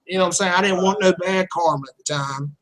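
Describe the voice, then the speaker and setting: Man, high voice, bright tone, blunt rambling storyteller, casual talk. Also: quick pace, poor audio. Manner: rambling, blunt, swears freely. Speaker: channel host.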